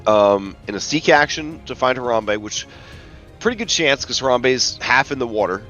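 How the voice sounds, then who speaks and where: A man's voice: on the low side, fairly bright tone, muffled recording. A man narrating as game master of a tabletop game, rambling casually with lots of fillers.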